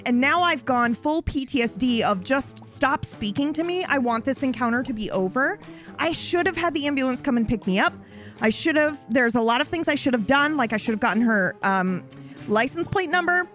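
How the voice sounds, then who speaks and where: A young woman streamer telling a story to her live chat, animated and swearing freely, often breaking into laughter. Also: high-pitched, normal speed, soft background music.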